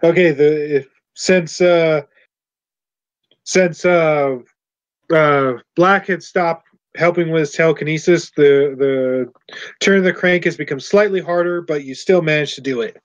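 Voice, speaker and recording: Guy running a tabletop game, kinda high voice, muffled dull audio, lots of restarts. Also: a little slow. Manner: hesitant, restarts sentences. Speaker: game master. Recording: dull lo-fi recording.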